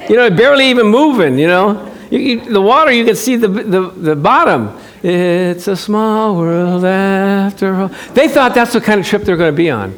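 A male pastor preaching with a lively, playful energy. He jumps into little acted-out scenes as he talks. His voice is high and swings widely in pitch. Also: fast, few pauses, a faint crowd. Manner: animated, playful, acts out scenes. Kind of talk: sermon.

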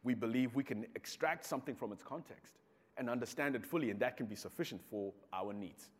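This Zimbabwean speaker talks a little fast in a medium pitch, telling stories to an audience and performing the voices he quotes. Long hall reverb trails his words.

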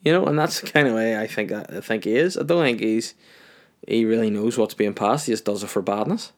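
A man's voice: lowish voice, a little fast. Young man, tipsy solo podcast host, cheeky and sweary, rambling chat. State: tipsy from a few wines.

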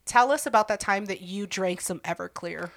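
A woman's voice: medium pitch, vocal fry. A woman hosting a casual podcast, teasing her guest and swearing freely. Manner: teasing, profane, quick interjections. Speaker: podcast host. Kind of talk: casual chat.

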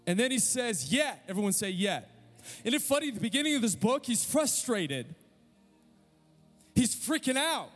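A man preaching a sermon as pastor, animated and conversational, with humorous everyday comparisons and calls for the audience to respond. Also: sits high, moderate pace. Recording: long hall reverb with faint music.

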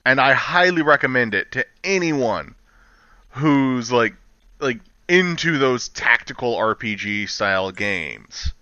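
Bright, lively man on a dull mic. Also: mid-range voice, takes it slowly, no echo. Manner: animated, enthusiastic, casual swearing. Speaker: podcast co-host. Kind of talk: casual gaming chat.

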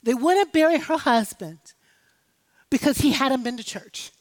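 A woman's voice: sits high, lively intonation, a little slow. A woman preaching an impassioned sermon, rallying the congregation with call-and-response. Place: church sanctuary. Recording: live hall with long reverb.

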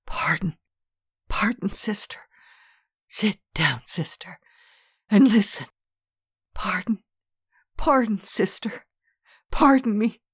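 A reader voicing a terrified dying woman, her words hoarse, jerky and tremulous, half-whispered. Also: medium pitch, lively intonation, takes it slowly, pauses often, a bit bright, no room sound, studio quality, pitched above the performer's own voice, heavily acted. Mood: desperate.

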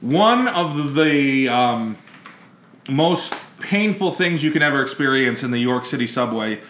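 A man's voice: mid-range voice, lively intonation, measured pace, a bit bright, reverberant, a little hiss or hum. A man hosting a podcast, joking around in casual chat and laughing often. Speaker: podcast host.

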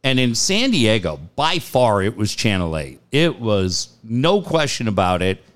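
A man's voice: on the low side, measured pace. A man hosting a casual radio chat, telling stories animatedly, swearing freely and acting out quotes. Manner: animated storyteller, acts out quotes. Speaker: radio show host.

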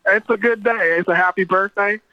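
A man in his late thirties calling in to a podcast, warm and a little emotional, repeating himself as he talks. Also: sits high, fairly even intonation, fairly quick, crowd noise. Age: 30s. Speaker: caller. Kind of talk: phone call on a podcast. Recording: phone line audio.

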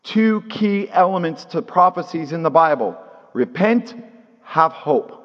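A man's voice: on the high side, lively intonation, measured pace. A man preaching a sermon at a Shabbat service, earnest, repeating key phrases and asking rhetorical questions. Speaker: pastor teaching at a Shabbat service. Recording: long hall reverb, dull lo-fi sound.

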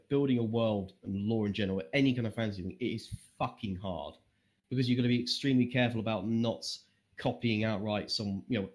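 A man's voice: fairly low pitch, darkish tone. A young man chatting as a podcast guest, rambling and swearing freely, with self-deprecating jokes. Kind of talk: casual interview chat.

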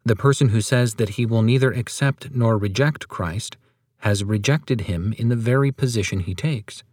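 A man reading a sermon aloud in a measured, solemn and emphatic way. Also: medium pitch, darkish tone, no room sound, studio quality. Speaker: reader of a sermon.

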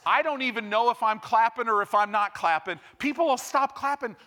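A man preaching a sermon as pastor, building from quiet to loud and emphatic. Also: very high voice, brisk.

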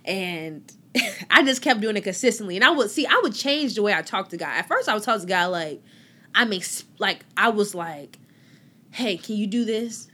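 A woman hosting a faith podcast talks casually in a voice of middle pitch that swings widely up and down. She acts out quoted conversations, drops almost to a whisper and then rises to loud exclamations. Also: moderate pace. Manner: animated storytelling, acting out quoted exchanges. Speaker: podcast host.

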